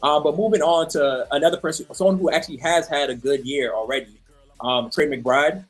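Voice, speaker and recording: Husky man hosting casual sports chat. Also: fairly high pitch, fairly quick, soft background music. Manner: hesitant, repeats words, steers discussion. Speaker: podcast co-host. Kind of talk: casual fantasy football chat.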